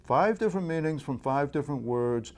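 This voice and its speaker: Man giving a clear coaching lesson. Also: on the high side, lively intonation, a little mellow. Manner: clear, deliberate instructional delivery. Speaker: presenter of a communication tips series. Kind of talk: direct-to-camera coaching lesson.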